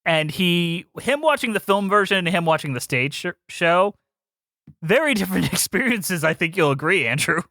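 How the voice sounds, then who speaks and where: A man's voice: high voice, very animated, moderate pace, sharp tone, no room sound, clean studio sound. A man hosting a casual podcast chat, playful and rambling, laughing often. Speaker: podcast host.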